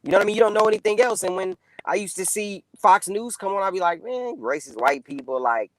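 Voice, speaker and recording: A man's voice: high-pitched, animated, fast, gravelly, slight background noise, rough recording. A man speaking as a guest in a casual political discussion, loose and conversational with lots of fillers.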